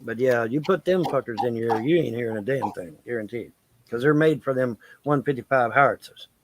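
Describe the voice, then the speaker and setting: A man's voice: mid-range voice, brisk, background noise. A man hosting a casual live chat, rambling and crude and laughing at his own jokes. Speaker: livestream host.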